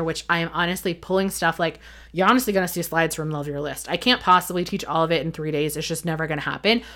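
A woman's voice: fairly low pitch, a bit bright. A woman hosting her own podcast, talking candidly and emotionally in a rambling, earnest way about her business. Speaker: podcast host on email marketing. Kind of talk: candid solo podcast talk.

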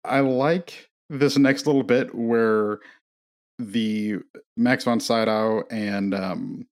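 A man's voice: lowish voice, steady tone, takes it slowly, a little mellow. A man talking casually on a movie podcast, rambling through strong opinions with frequent "like" and "um". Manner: rambling, opinionated, with many fillers. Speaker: podcast co-host.

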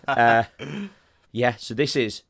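Casual guy co-hosting a bad-film podcast, swears a lot, acts out scenes in goofy voices, middle-pitched voice. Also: fairly even intonation, slow pace, a bit bright. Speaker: podcast co-host. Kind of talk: casual comedic film review chat.

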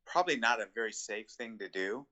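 A middle-aged man as an interview guest, talking in a relaxed, reflective way with chuckles. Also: lowish voice, a little fast, muffled recording. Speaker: guest ultramarathon runner. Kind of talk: conversational interview.

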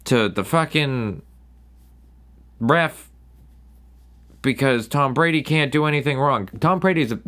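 Young male podcaster, mid-pitched, sarcastic and profane, animated casual ranting. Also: a little slow, long pauses. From New England. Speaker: podcast host. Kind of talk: casual solo rant.

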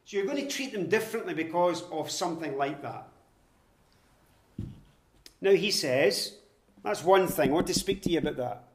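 A man preaching, teaching verse by verse, measured and emphatic, slowing down to stress quoted Scripture. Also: fairly high pitch, lively intonation, roomy sound. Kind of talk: expository Bible teaching.

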